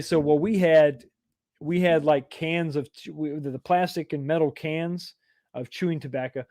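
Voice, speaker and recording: Middle-aged man hosting a live stream; rambling, self-deprecating, slightly raised pitch, dry close sound. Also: darkish tone, no room sound. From East Texas, USA. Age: 40s or 50s. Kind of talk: casual live chat reading comments.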